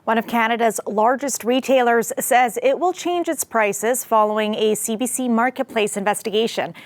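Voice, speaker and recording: Female news anchor, crisp formal read, dry close sound, slightly high. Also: no room sound. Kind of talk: scripted news reading.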